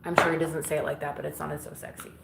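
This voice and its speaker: A low-voiced woman from Illinois talks fast and flat, with vocal fry, as she does chores around her home and chats bluntly with live-stream viewers, answering comments and cursing occasionally. She moves between the kitchen and living room with the windows open, and the audio sounds roomy, with faint background noise.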